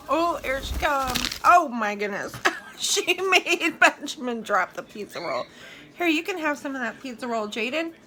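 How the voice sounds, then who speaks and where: A woman's voice: sits high, expressive, measured pace, sharp tone, slight background noise. A woman chatting and cooing to her pet birds in a playful baby-talk way, laughing often. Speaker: vlogger feeding pet birds. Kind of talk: casual chat to pets.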